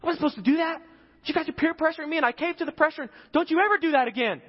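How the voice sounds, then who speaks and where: A man voicing a young male warrior in a high, loud, mock-scolding tone. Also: racing. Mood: exasperated. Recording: echoey hall, dull lo-fi.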